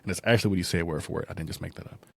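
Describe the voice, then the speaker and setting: A man's voice: deep voice, steady tone, gravelly, a bit bright, breathy edge, no room sound, studio quality. A man hosting a casual movie review podcast, rambling through a plot recap with lots of fillers and asides. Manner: rambling, digressive retelling with many fillers; drops into quick character voices while recapping. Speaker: podcast host.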